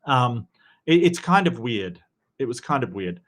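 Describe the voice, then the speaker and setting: A man in a casual live-stream chat, speaking at an ordinary mid pitch. He is blunt and jokey, swears now and then, and stops to read out viewer messages. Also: sing-song, unhurried, fairly bright tone. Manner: blunt, joking, profane, reads out chat. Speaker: livestream debate host.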